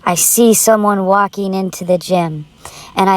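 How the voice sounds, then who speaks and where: A woman's voice: mid-range voice, fairly even intonation, moderate pace, no room sound. A woman narrating a true scary story in the first person, with a tense, urgent delivery.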